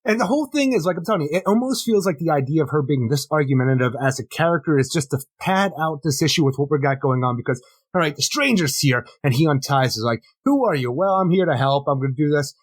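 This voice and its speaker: A man co-hosting a comic book podcast, ranting quickly and acting out scenes with some swearing. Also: fairly high pitch, expressive, slightly rough, dry recording. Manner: fast ranting, acts out dialogue, swears. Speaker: podcast co-host. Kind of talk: casual comic review chat.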